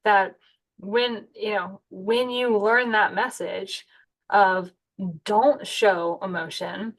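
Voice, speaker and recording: Slow-speaking woman podcast co-host. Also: mid-range voice. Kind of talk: podcast interview.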